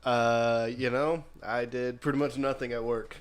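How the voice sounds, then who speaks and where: A man's voice: mid-range voice, fairly even intonation, a little slow. A man co-hosting a casual podcast, dry and wisecracking. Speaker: podcast co-host.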